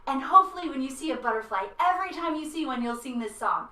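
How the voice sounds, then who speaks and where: A woman's voice: high voice, expressive, fast talker, sharp tone. A woman guiding a children's yoga class in a playful, encouraging way. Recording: roomy echo, mic at a distance.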